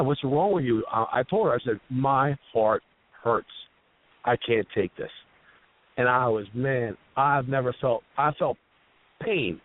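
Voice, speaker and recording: A man's voice: medium pitch, phone-quality sound. A man hosting casual radio talk, telling stories in an earnest, emotional, heartfelt way. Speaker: host.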